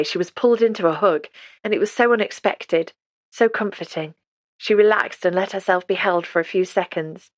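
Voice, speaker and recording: Low-voiced woman narrating an audiobook. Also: fairly even intonation, fairly quick, no echo, clean studio sound. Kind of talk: scripted narration.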